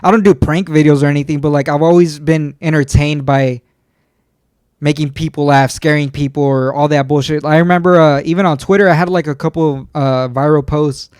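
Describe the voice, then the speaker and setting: A man's voice: fairly high pitch, steady tone, brisk, a little mellow, smooth, dry recording, studio quality. A man in his twenties co-hosting a podcast, telling stories in loose, profane casual talk. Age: 20s. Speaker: podcast co-host. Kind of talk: casual chat.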